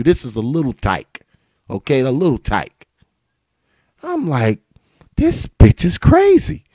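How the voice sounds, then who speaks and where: A man's voice: medium pitch, no room sound. A man hosting a live talk show, telling a story in a casual, profane way and swearing freely. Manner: animated, swearing freely, rising in outrage. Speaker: host of a live talk stream.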